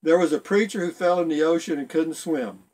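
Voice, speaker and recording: A man's voice: fairly high pitch, fairly quick, a little mellow. A middle-aged man casually reading jokes aloud for his video blog, rambling a bit and chuckling at his own punchlines. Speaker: video blogger telling jokes.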